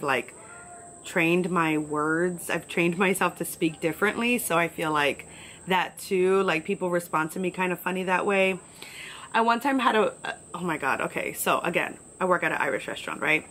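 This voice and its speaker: A woman's voice: fairly low pitch, fairly bright tone, a little hiss or hum, poor audio. A young woman from New York with a light New York accent, talking casually and bluntly on her solo podcast, full of fillers and swearing. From New York, USA. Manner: chatty, blunt, profane, filler-heavy. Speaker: podcast host.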